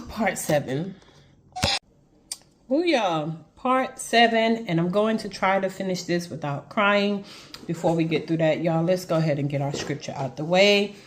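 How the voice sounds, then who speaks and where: A woman's voice: on the low side, moderate pace, slight background noise. A woman telling viewers a personal story in an emotional storytime monologue, earnest and speaking straight to them.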